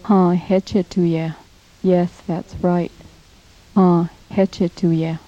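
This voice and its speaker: A language teacher leads a recorded lesson very slowly and deliberately, repeating every phrase so listeners can copy it. Her low, dark voice stays level and flat, with little rise or fall. The audio is dull and lo-fi, taken from an old cassette tape.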